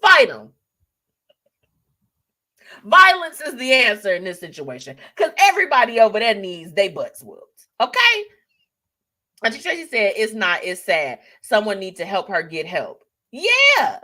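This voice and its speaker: Animated laughing woman show host. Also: medium pitch. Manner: animated, laughing, addresses audience as y'all and baby. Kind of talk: live show commentary reading viewer comments.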